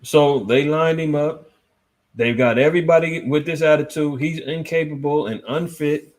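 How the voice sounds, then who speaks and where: A man hosting a casual news commentary livestream, reading articles aloud and answering his chat in a lively, swinging voice. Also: normal speed. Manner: animated, swinging between loud and low, reads articles aloud, talks to chat. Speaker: host.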